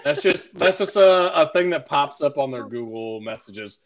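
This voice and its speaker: A man with a fairly high voice co-hosts a casual sports podcast, speaking at normal speed. He's an animated, joking storyteller who curses freely, captured on a muffled recording.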